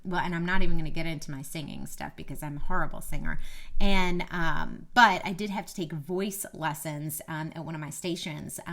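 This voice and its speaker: A woman's voice: fairly low pitch, fairly bright tone. A woman in her thirties from Kentucky with a mild Southern accent, a media coach giving casual, chatty, self-deprecating tips to camera. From Kentucky, USA. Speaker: media coach, former TV reporter.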